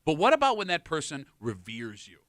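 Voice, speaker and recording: A man hosting a radio show, joking and bantering in a casual, animated way. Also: fairly high pitch, no echo, studio quality. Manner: animated, joking, quick to laugh. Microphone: studio microphone.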